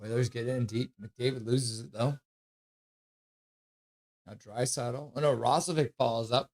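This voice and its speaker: A man calling live hockey play-by-play from his stream in a casual way, with quick calls and offhand jokes. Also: mid-range voice, steady tone, darkish tone.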